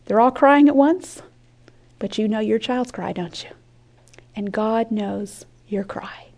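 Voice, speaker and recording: Woman, Bible teacher, earnest, mellow warm voice, slightly high, drops to whispers. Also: takes it slowly. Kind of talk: sermon-style Bible teaching. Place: conference room with an audience.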